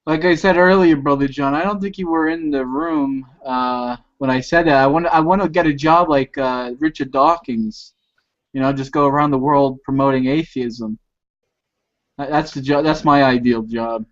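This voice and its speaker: A man's voice: mid-range voice, fairly even intonation, moderate pace. Joking man on a muffled video call. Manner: teasing, joking. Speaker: participant in an online chat. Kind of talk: casual joking group chat.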